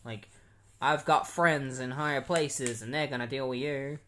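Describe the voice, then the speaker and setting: A man voicing a cocky male comic-book crook in a mock rough working-class accent while retelling a story. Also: mid-range voice, steady tone, a little slow, a bit bright, close to an everyday voice. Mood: threatening.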